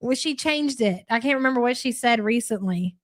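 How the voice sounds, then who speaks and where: A woman hosts a live reaction stream, answering the clips she plays with dry, mocking sarcasm and reading viewer comments aloud. Her voice is high for a woman. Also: expressive, brisk. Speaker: commentary channel host.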